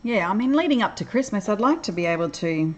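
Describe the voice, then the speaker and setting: A woman's voice: mid-range voice, lively intonation, fast, a little mellow, dull audio. A middle-aged woman from Australia with an Australian accent, chatting casually on a livestream, reading viewers' comments aloud and laughing often. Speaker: livestream host.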